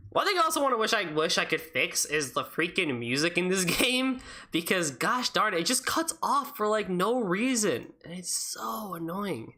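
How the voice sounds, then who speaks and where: A woman streamer with a hoarse throat, chatting casually and rambling while playing a game. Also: medium pitch, animated, moderate pace, bright, forceful tone. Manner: chatty, rambling, swears freely. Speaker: let's-play streamer. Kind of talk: casual gaming chat.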